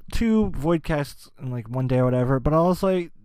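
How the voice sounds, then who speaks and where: A man's voice: fairly high pitch, animated, normal speed, a little mellow, clean tone, no echo. A man in his twenties hosting a casual podcast, ranting with lots of swearing and rambling restarts. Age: 20s. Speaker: podcast host. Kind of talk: casual rant.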